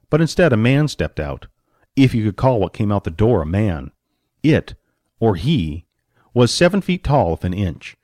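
A man narrating an audiobook story with expressive storytelling and varied pacing. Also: on the low side, dry recording, studio quality.

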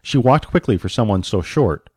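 A man narrating an audiobook story with expressive storytelling and varied pacing. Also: fairly low pitch, moderate pace, slightly rough, dry recording, clean studio sound.

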